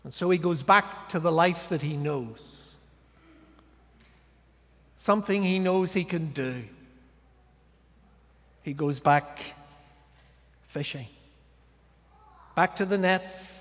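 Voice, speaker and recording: Male guest preacher, high-pitched, theatrical storytelling delivery, long church reverb. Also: slow pace, pauses often. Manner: dramatic storytelling, swinging from loud declarations to hushed asides. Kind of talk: sermon. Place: church sanctuary.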